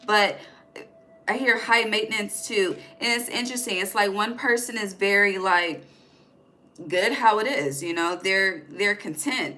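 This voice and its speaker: A woman's voice: medium pitch, bright, forceful tone. A woman giving a casual tarot reading, blunt and profane, often ending her points with "okay?". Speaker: tarot reader.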